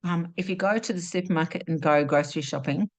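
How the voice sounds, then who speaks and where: A woman giving a spiritual teaching talk, asking rhetorical questions and acting out inner voices in an expressive way. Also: on the low side, fast. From Australia.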